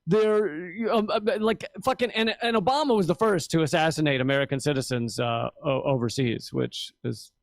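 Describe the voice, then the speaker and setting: A fairly high-voiced man talks politics in a loose, rambling, animated way, cursing as he goes. The sound is dry and close, with no room echo around him. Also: moderate pace, vocal fry, hardly any pauses. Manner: rambling, animated, swears, mimics officials in a high voice. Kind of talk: casual political talk.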